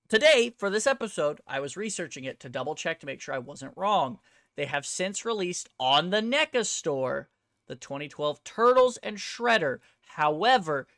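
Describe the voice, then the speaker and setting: A woman's voice: on the low side, fairly bright tone, no echo, studio quality. A woman hosting her own vlog, ranting in a blunt, profane and heated way and throwing rhetorical questions at the viewer. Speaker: host. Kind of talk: ranting toy-collector vlog.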